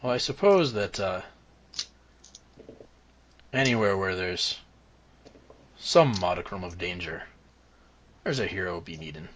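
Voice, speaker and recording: A man voicing a proud, gruff old male dwarf who works as a forge master, with booming, old-fashioned phrasing. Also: lively intonation, measured pace, pauses often, fairly bright tone, slight background noise. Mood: amused.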